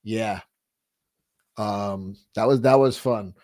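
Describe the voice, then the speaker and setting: A man's voice: fairly low pitch, slow pace, a little mellow. A man hosting a casual livestream, talking in a rambling, profane way with many restarts, and reading out viewer chat. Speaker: livestream host.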